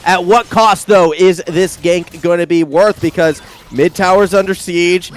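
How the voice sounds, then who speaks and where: A man with an Australian accent doing lively play-by-play commentary on an esports match, chatty and joking. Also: high-pitched, unhurried. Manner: animated, chatty, jokey asides. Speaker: esports caster.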